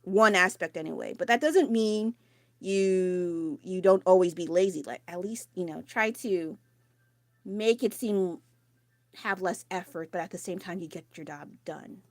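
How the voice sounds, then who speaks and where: A woman talking loudly and candidly into her phone mic during a casual live stream, rambling and swearing casually. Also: lowish voice, measured pace, dry recording. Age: adult. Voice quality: loud, raised voice.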